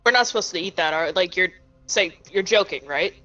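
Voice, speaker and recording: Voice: mid-range voice, animated, brisk, pushed and bright, muffled recording. A player in a tabletop game, thinking aloud and restarting sentences. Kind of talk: casual tabletop role-play.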